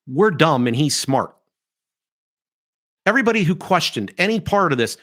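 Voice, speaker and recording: Animated, mocking male podcast host. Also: fairly high pitch, moderate pace, long pauses. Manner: animated, mocking, mimics others in sing-song voices. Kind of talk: opinionated podcast commentary.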